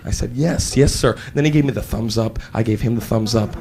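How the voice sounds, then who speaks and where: A man performing stand-up comedy, animated and loud, acting out scenes on a stage before a large audience. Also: lowish voice, fast, a little hiss or hum. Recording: live show with crowd laughter.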